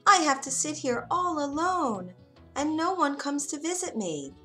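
A high, sing-song mother duck from a children's storybook, as a woman narrator puts her on, fussy and caring with a bright voice that swings a lot in pitch. She sounds motherly, with a stern edge. Soft music plays behind her. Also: sing-song, a little slow, full character voice. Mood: weary.

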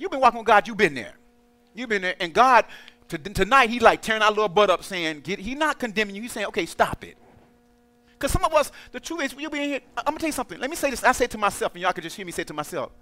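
High, bright-voiced man preaching. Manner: call-and-response preaching, acting out quoted voices. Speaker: pastor. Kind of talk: preaching to a congregation.

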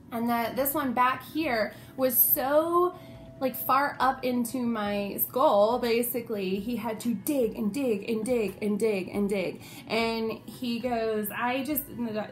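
A young woman vlogger, her voice on the high side, tells a personal story in a casual, animated way, acting out the quotes as she goes.

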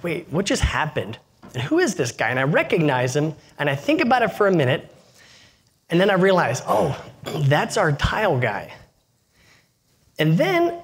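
Man telling a story on stage. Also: fairly high pitch. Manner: conversational, acts out dialogue in anecdotes. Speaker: keynote speaker. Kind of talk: storytelling keynote talk.

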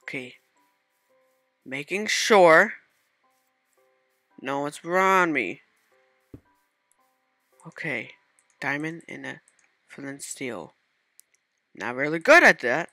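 Bright-voiced jumpy gaming guy. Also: a little high, slow pace, long pauses, no room sound, clean studio sound, soft background music. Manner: excitable self-talk with sudden startled outbursts. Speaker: gaming channel host. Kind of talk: casual gameplay commentary.

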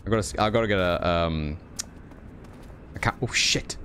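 A man live-streaming a stealth game, talking to his viewers in a relaxed, jokey way and swearing now and then. His voice sits on the low side. A faint ambient hum sits under it from a home desk setup. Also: moderate pace. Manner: joking, swearing, talks to chat. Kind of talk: casual live-stream commentary. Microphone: desk condenser microphone.

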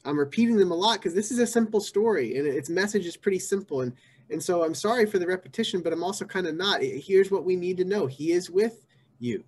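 A man's voice: high-pitched, fast, breathy edge. Conversational man preaching a sermon. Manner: conversational, repeats phrases, shifts from hushed to emphatic. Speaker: pastor.

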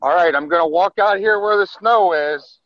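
A father with a high-pitched voice chats playfully with his daughter in a phone video, grumbling dramatically as they step outside from the family home into snow at night. He speaks at a moderate pace in this casual family vlog. The handheld phone recording is dry, with the highs cut off.

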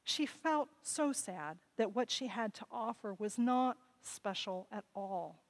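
A woman telling a legend to children during a church service, expressive and inviting them to join in. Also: medium pitch, slow, poor audio. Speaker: children's sermon storyteller. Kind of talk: telling a story to children in worship. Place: church sanctuary.

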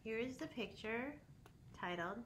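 A woman reading a children's classic aloud, expressive, with occasional slips and throat clearing. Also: fairly high pitch, a little slow, a little hiss or hum. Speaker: audiobook reader. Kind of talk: storybook narration. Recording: roomy echo.

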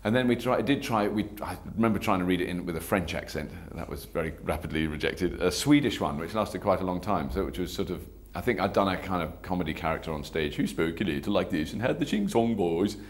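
Fast-talking man telling stories. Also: low voice. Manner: chatty, self-mocking, laughs while telling stories. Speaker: actor being interviewed. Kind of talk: anecdotal interview.

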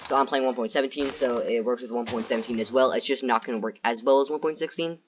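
A man's voice: medium pitch, fairly even intonation, fast, slightly rough. A man doing gameplay commentary who rambles nervously, repeats himself and keeps talking to his viewers. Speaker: gaming YouTuber.

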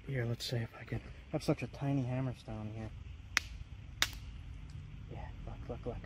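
A man hunting for flint outdoors along a creek, talking casually and excitedly to his camera and laughing often. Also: medium pitch, measured pace, pauses often. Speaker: flint knapping vlogger. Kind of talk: casual outdoor vlog narration. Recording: noisy outdoor recording.

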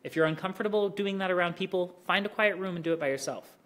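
A man teaching Mandarin tones, explaining clearly and directly, then drilling syllables slowly with pauses. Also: sits high, a bit bright.

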